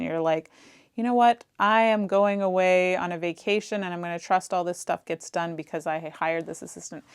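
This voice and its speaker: A woman's voice: medium pitch, gravelly, smooth, no room sound, studio quality. A woman giving a pick-a-card tarot reading in a chatty, reassuring way, full of fillers. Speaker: tarot reader.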